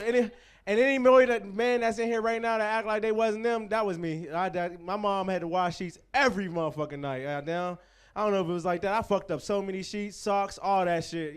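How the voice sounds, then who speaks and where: A man's voice: high-pitched, clear, resonant tone. A man in his twenties from Pittsburgh, hosting a stand-up show with loose, profane banter and crowd work. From Pittsburgh, USA. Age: 20s. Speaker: comedy show host.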